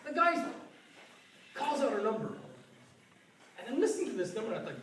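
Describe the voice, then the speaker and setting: A middle-aged man from Ottawa, a professor, telling a lively anecdote with frequent laughs and asides of "right?". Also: very high voice, fast talker, long pauses, background noise. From Ottawa, Canada. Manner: animated, laughs often, keeps asking "right?". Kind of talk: storytelling anecdote. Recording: echoey room, distant mic, crowd chatter.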